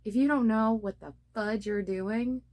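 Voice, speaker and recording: A woman's voice: fairly high pitch, unhurried, darkish tone. A young woman talking casually to her phone camera about starting a podcast, poking fun at her own mistakes. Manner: self-deprecating, laughs at her own slips. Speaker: beginner podcaster and blogger. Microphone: phone on a ring light tripod.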